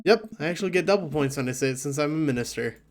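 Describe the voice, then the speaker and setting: A man's voice: on the high side, expressive, very fast, faint music behind, close to an everyday voice. A man doing a smug joking minister. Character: smug, joking middle-aged male minister.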